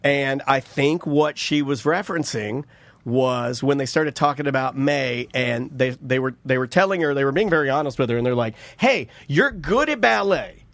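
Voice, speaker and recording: A man's voice: medium pitch, normal speed, no room sound. A man in his thirties, co-hosting a podcast and telling a rambling, joking family story with many restarts. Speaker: podcast co-host. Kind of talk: casual chat, storytelling.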